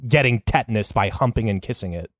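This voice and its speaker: A man's voice: fairly low pitch, expressive, quick pace, no room sound, clean studio sound. Crude, joking man telling a story. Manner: crude, joking, with frequent fillers. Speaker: podcast host telling a story. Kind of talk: casual storytelling chat.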